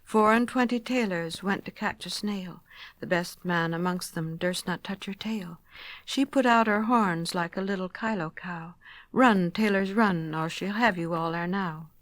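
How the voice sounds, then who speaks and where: A woman voicing a chorus of tiny, cheeky tailor mice, chanting nursery rhymes brightly. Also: mid-range voice, normal speed, no room sound, close to an everyday voice. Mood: merry.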